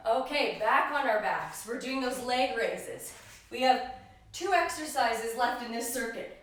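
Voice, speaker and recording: A woman trainer coaching a workout from her living room, with a high voice and an unhurried way of cueing each move. She sounds far from the phone, and the room rings with strong echo. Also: fairly bright tone, a little hiss or hum. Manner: encouraging, cueing breath and form. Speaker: fitness trainer. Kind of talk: live home workout instruction. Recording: very echoey room, voice off-mic.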